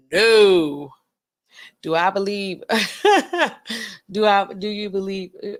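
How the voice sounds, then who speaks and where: A woman pharmacist hosting a casual livestream, chatting in a slangy, animated way, reading out viewer comments and laughing often. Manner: animated and chatty, slangy, swings between low asides and high exclaims; laughs often mid-sentence.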